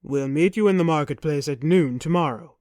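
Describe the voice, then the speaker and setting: A woman's voice: deep voice, fairly quick, darkish tone, dry recording, studio quality, voice pushed down, close to an everyday voice. A woman voicing a hollering Viking captain.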